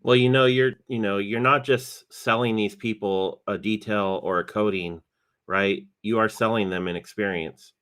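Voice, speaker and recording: A man co-hosting a podcast, speaking in a lower voice. He talks at a measured pace in a casual chat, checking in with his partner with short tag questions. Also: steady tone, fairly bright tone, smooth. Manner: measured, uses "you know" and "right?" as fillers. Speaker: podcast co-host.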